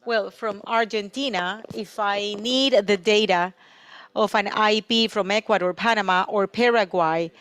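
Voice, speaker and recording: Dry, steady woman interpreting a panel. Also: medium pitch, no room sound. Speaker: conference interpreter.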